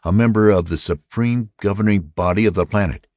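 A man voicing an excited middle-aged male neighbor announcing news, eager and loud. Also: on the low side, a little fast, no room sound, voice pushed up, natural voice.

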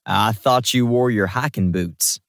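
Storybook figure: a playful, practical adult man, read by a man, low-pitched, dry close sound. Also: measured pace, creaky, fairly bright tone, no room sound. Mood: teasing. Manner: teasing, matter-of-fact.

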